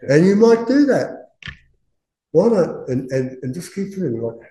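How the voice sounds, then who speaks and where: Male Dharma teacher, casual and chatty, dark timbre, recorded in a reverberant room. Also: high-pitched, sing-song, a little slow. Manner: chatty, laughing, acts out quoted voices. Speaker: Buddhist teacher. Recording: roomy echo.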